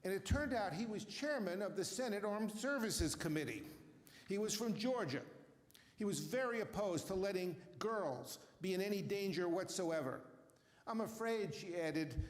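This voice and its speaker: An older man gives a relaxed lecture with slides, often pausing on fillers and restarting his sentences. His voice sits high for a man. The sound is roomy, with a long reverb tail from a hall. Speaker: author giving a talk. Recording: echoey hall from a distance.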